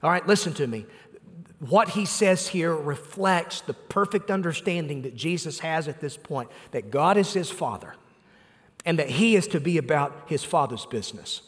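A man's voice: on the high side, expressive, normal speed. Preaching man in a reverberant hall. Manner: earnest preaching with emphatic repetition and frequent "uh" fillers. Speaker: pastor. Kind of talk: sermon.

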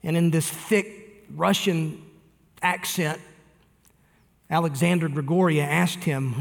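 A man's voice: a little high, fairly even intonation, slow, gravelly, long pauses, big-room sound. A man preaching a sermon, talking earnestly and appealing directly to his listeners. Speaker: pastor.

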